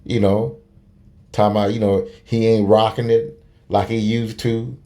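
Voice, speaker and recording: A man talks into a phone, giving blunt, opinionated commentary in a somewhat low, dark and mellow voice. He rambles through many fillers and restarts and swears freely. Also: little pitch movement, unhurried. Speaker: video commentator.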